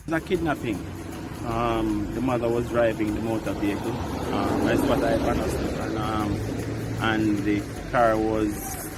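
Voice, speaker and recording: A man giving a careful, halting account with many pauses and ums. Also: fairly low pitch, flat delivery, poor audio. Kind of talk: hesitant spoken report. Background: loud music.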